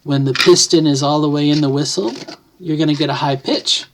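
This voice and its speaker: Speaking a little fast in a low, fairly even voice, a middle-aged woman films a vlog at home by the kitchen. Her casual explanations to the camera wander as she thinks aloud, and she frequently corrects herself partway through sentences.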